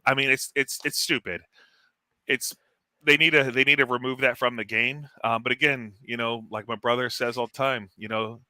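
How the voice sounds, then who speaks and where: A man talking tabletop strategy as a guest, animated and blunt, laughing often. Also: medium pitch, no room sound. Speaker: guest tournament player. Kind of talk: casual gaming strategy chat.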